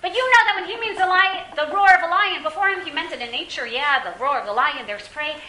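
A woman teaching a classroom Bible lesson, lively and questioning, often quizzing her students. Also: sits high, quick pace, echoey room, low-quality recording.

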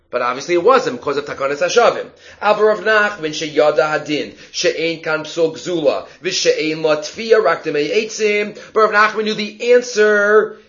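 A man with a high voice gives a Talmud study lecture. He reads passages aloud, translates them and explains each step with rhetorical questions. The recording sounds dull and lo-fi. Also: a bit bright. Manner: explains step by step, reading Aramaic text and translating; asks rhetorical questions, occasional coughs. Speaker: Talmud teacher.

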